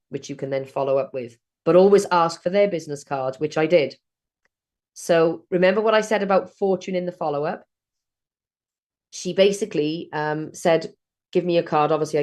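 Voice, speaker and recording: A middle-aged woman from South Wales, with a deep, darkish voice, tells networking stories in a chatty way during an online training session.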